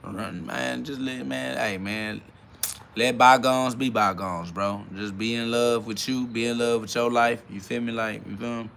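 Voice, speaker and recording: A man's voice: medium pitch, steady tone, measured pace, creaky, fairly bright tone, slight background noise. A man in his twenties hosting a podcast, rambling in a slangy, profane, casual monologue while reading chat comments aloud. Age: 20s. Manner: rambling, slangy and profane, with frequent "you feel me" fillers. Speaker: podcast host.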